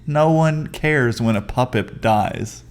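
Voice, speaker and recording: A man's voice: mid-range voice, animated, slow, creaky. A man co-hosting a casual podcast from a house-sit, joking and giving blunt opinions with frequent restarts. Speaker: podcast co-host.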